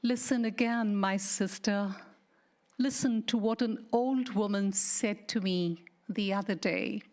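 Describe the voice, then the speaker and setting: A woman poet giving a slow, deliberate, mournful dramatic poetry reading, sometimes dropping to a hushed whisper. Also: medium pitch. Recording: studio radio reading.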